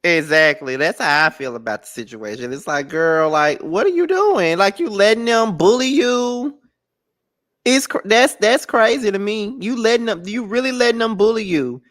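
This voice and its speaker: A podcast co-host recapping a reality show in casual, animated chat, dropping low for the recap and jumping high when worked up. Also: moderate pace.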